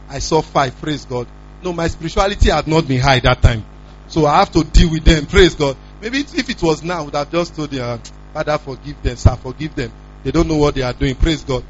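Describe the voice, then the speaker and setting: Preacher man telling a lively story. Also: on the high side, lo-fi sound, slight background noise. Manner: animated storytelling, repeating "praise God", acting out quoted voices. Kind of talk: sermon with personal story.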